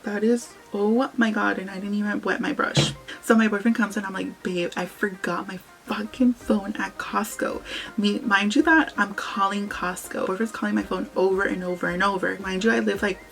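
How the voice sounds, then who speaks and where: A woman's voice: mid-range voice, steady tone, brisk, creaky, few pauses, a bit bright, faint music behind, poor audio. A young woman chatting casually through a makeup tutorial, telling a story and swearing freely. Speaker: beauty vlogger.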